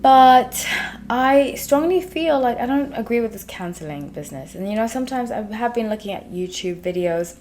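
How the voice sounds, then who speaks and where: A woman's voice: fairly high pitch, animated, normal speed, a little mellow, a little hiss or hum. A woman in her thirties from England and South Africa, hosting her channel and telling a long, digressive story in casual chat. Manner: chatty, digressive, many fillers. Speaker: tarot reader, channel host.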